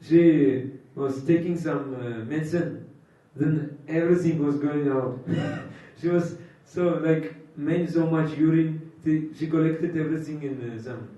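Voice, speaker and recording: Man, spiritual teacher's sermon, mellow voice, halting delivery, heard from a distance in a very echoey, muffled room. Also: a little high. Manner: halting, many pauses and fillers, laughs at own jokes. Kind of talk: sermon with storytelling.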